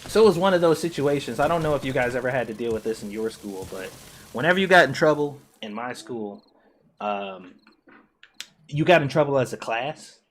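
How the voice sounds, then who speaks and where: A man streaming a co-op game, telling a school story in animated, profane casual chat with frequent laughs. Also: medium pitch, a little fast, slight background noise. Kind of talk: casual chat while gaming.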